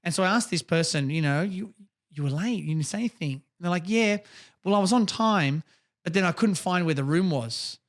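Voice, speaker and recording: A high-pitched man co-hosts a podcast in relaxed conversation. He talks bluntly and with emphasis, swearing freely as he makes his point. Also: fairly quick. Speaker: podcast co-host. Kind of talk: casual chat.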